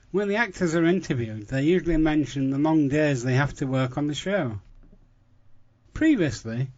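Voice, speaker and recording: A man sending in recorded feedback to a podcast, reading out informative notes in a measured way. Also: a little high, darkish tone, lo-fi sound. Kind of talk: read-out commentary.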